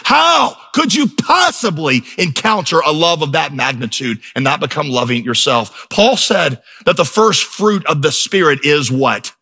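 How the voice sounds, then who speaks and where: A middle-aged male pastor delivers a sermon with a bright, forceful voice that sits a little high. He tells stories and builds his lines to intense, emphatic peaks. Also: moderate pace, few pauses. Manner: emphatic, storytelling preacher with rising intensity. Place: church.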